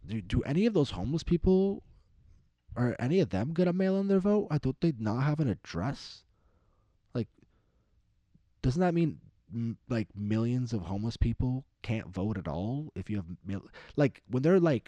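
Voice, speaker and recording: A man's voice: medium pitch, big pitch swings, moderate pace, mellow, no room sound, muffled recording. A young man co-hosting a podcast, rambling through political chat with plenty of swearing and sudden jumps into mocking voices. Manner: rambling, profane, mimics other people in raised voices. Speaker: podcast co-host.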